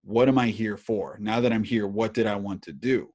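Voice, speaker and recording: Swearing, animated man in his thirties. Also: on the low side, normal speed. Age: 30s. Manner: animated, swears a lot, many fillers. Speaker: podcast host. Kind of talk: casual storytelling chat.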